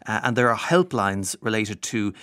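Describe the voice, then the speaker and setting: A middle-aged Irish man hosting radio in a casual, chatty way, full of wry jokes. His pitch swings widely and his tone stays lively. The voice is close and dry, with no room echo. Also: moderate pace. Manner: wry, joking asides. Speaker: radio presenter.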